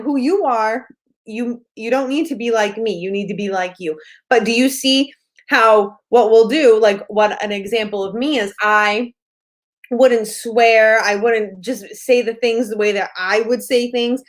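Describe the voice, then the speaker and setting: A woman with a fairly high voice gives a casual talk as a business coach. She is blunt and profane, pressing her points again and again with emphatic repetition. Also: measured pace.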